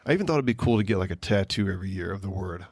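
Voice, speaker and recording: A man's voice: low voice, animated, very fast, a little mellow, no echo, studio quality. A man co-hosting a podcast, chatting casually and rambling a bit with ums and restarts. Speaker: podcast co-host.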